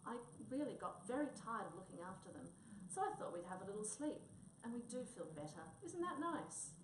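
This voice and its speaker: A woman's voice: a little high, big pitch swings, brisk, background noise. A woman voicing a small, cheerful mouse who speaks chirpily, recorded in a roomy space from a distance. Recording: roomy, distant mic, faint ambience.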